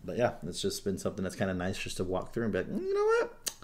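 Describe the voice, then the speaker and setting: Lively young man on a podcast. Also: sits low, rapid-fire. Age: young adult. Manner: animated storyteller, swears freely. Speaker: podcast host. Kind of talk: casual chat.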